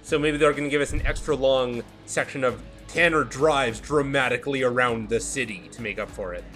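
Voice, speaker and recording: A man chats through gameplay in a casual, rambling way, often pausing to find his point. His voice sits at an ordinary pitch. Faint game music plays behind. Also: fairly bright tone. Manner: rambling, restarts thoughts. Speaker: let's play commentator.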